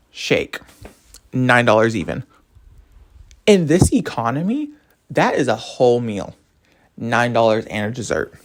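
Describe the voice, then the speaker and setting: A young man in college ranting casually to camera, rambling from topic to topic. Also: medium pitch. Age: young adult. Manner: animated, rambling, jumps between topics. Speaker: college student vlogger.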